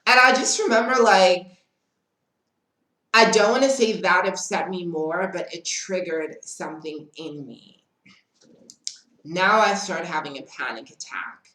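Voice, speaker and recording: A woman's voice: lowish voice, a little slow, long pauses, pushed and bright, roomy sound, rough recording. A woman telling a dramatic storytime in casual chat, often calling the listener "girl". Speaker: storytime vlogger.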